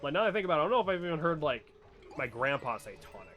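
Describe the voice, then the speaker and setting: A man's voice: on the high side, big pitch swings, very fast, fairly bright tone, soft background music. A young man from New Hampshire with a New Hampshire accent, chatting casually and rambling, swearing and laughing over gameplay. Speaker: let's play co-host.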